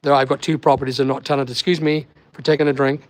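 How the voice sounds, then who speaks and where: A man's voice: medium pitch, level tone, racing, no echo. A man with a Northern Irish accent, hosting a casual live stream and chatting with viewers by name in a rambling way. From Northern Ireland. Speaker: livestream host. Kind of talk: casual live chat reading viewer comments.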